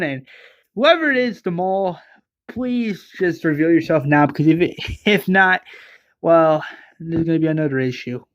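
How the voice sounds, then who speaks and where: A man's voice: sits high, fairly bright tone, no room sound, muffled recording. A man doing a paranoid, menacing survivor leader. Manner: menacing, profane.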